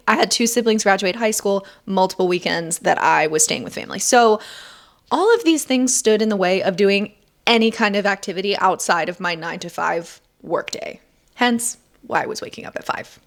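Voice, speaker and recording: A young woman talking candidly to camera in a casual vlog about her writing, with chatty, dramatic emphasis. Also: medium pitch. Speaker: writer and vlogger.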